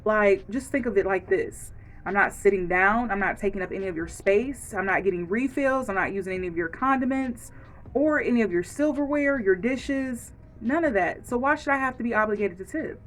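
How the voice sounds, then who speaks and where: A woman vlogger, talking straight to camera in a frank, lively rant. She keeps her pitch mid-range, and slips into little voices to act out what others say. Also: a little fast. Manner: frank and animated, acts out quoted lines.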